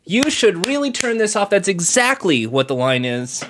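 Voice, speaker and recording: A man's voice: sits high, sing-song, normal speed, noisy background. A male show host bantering in a playful, joking way, often laughing. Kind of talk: comedic banter.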